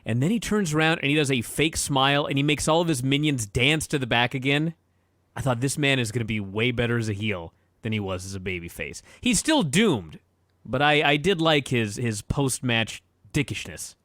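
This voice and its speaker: A man's voice: medium pitch, expressive, normal speed, a bit bright, no room sound, studio quality. A man co-hosting a wrestling podcast, blunt and opinionated, ranting with casual profanity. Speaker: podcast co-host.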